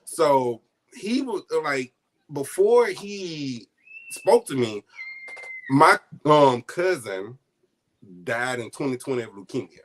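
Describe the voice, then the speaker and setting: A man with a mid-range voice, taking his time, recounts a personal experience as an interview guest. The telling is emotional and sincere, with moments where he chokes up almost to tears. He plays out the voices of the people he describes in a lively retelling.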